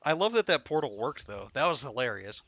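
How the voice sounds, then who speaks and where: A man's voice: medium pitch, sing-song, brisk, fairly bright tone, no room sound, muffled recording. A young man streaming a game, swearing often and swinging between frustration and laughter. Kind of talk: live gameplay commentary.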